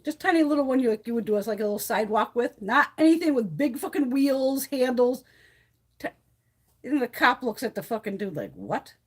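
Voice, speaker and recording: Husky woman telling stories with lots of swearing. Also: medium pitch. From Connecticut. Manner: profane, rambling storytelling. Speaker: live stream host. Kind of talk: casual chat. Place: home by a wood stove. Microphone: phone.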